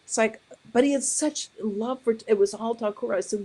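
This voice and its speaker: A woman, a nun giving a storytelling talk, who speaks in a lively way and acts out the voices she quotes. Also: on the high side, normal speed, husky.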